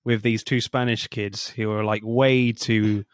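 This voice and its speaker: A young man co-hosting a film podcast in casual chat, animated and quick to laugh, leaping up in pitch for jokes. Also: clear, resonant tone, dry recording, clean studio sound. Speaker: podcast co-host.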